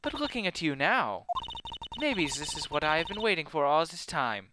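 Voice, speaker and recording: A man's voice: on the high side, big pitch swings, moderate pace. A man voicing an arrogant young female prosecutor with a vague put-on European accent, over game music. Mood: haughty. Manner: haughty, clipped.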